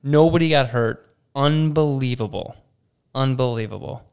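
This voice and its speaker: A young adult man who manages a campground's operations tells a story in conversation at normal speed, his mid-range, clean voice showing vocal fry. He retells events animatedly, performing what people said and saying "like" a lot.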